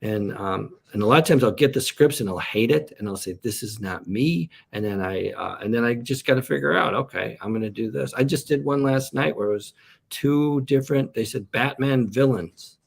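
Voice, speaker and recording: Gravelly man telling rambling stories. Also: medium pitch, brisk. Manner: meandering, chatty storyteller. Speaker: comedian and actor guest. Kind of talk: casual interview chat.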